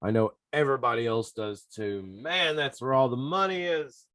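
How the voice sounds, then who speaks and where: A man hosting a podcast, giving sports betting picks in an excitable, casual way and talking straight to his listeners. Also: medium pitch, normal speed, no echo, clean studio sound. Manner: excitable, talks to listeners directly. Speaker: podcast host.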